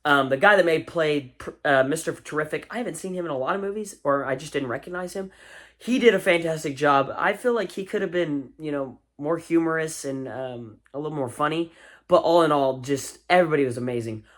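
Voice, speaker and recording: A man's voice: a little high, a little fast, fairly bright tone. A man giving a casual spoken movie review, enthusiastic and rambling, with fillers and restarts.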